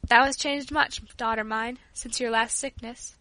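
A woman's voice: a little high, steady tone, measured pace, pushed and bright, no echo. A tender, earnest father, as a woman reads him. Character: gentle caring father of a family.

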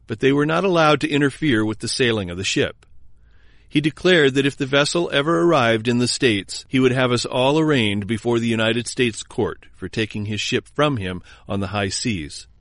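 A man narrating a historical memoir in a measured, formal reading. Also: mid-range voice, a bit bright, dry recording, studio quality.

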